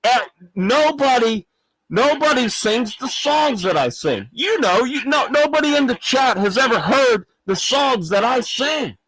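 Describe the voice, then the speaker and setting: For a livestream comedy bit, a man plays a loud, dim-witted fifty-six-year-old clown from the American South with a put-on Arkansas drawl. His exaggerated voice sits high with big, wild pitch swings and a breathy edge, dragging slowly through a mocking, rambling rant of shouted insults. The rough recording is dry and close, with no room sound.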